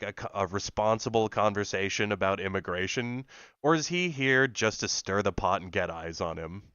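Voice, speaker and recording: A man co-hosting a podcast talks in a lively, sarcastic, profane way and laughs often. His low voice is bright and smooth. The sound is dry and a little dull. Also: no echo. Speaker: podcast co-host. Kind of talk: casual reaction chat.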